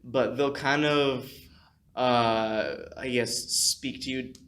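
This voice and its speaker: A man's voice: medium pitch, fairly even intonation, takes it slowly, fairly bright tone. A man hosting a podcast who speaks in a reflective, hesitant way, often restarting his sentences. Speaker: podcast host. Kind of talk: casual podcast chat.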